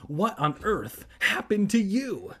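A man voicing a stern, scolding middle-aged aunt in a comic storybook reading, with a husky voice. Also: high-pitched, sing-song, takes it slowly, fairly bright tone, pitched above the performer's own voice, exaggerated voice.

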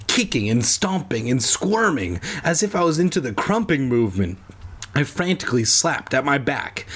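A man's voice: medium pitch, husky. A man reading a children's horror book aloud, breaking off into sarcastic, profane jokes. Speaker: comedic reader. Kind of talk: irreverent book reading with asides.

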